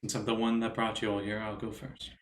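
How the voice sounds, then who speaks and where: Halting low male player. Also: completely flat delivery, reverberant. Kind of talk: tabletop role-play chat.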